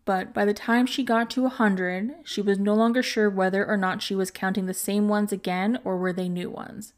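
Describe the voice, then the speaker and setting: A woman podcast host calmly narrating a folk tale in a measured storytelling voice. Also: medium pitch.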